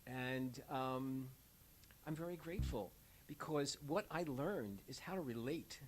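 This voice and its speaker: Older man telling stories in a lively way. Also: medium pitch, measured pace, rough recording. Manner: animated storyteller, acts out quoted voices. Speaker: end-of-life doula. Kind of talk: conversational storytelling. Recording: faint hiss.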